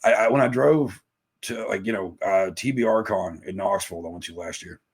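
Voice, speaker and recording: A man's voice: lowish voice, a little fast, husky. A man, chatting on a podcast in a rambling, profane and self-mocking way. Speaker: podcast guest, musician. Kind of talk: casual podcast chat.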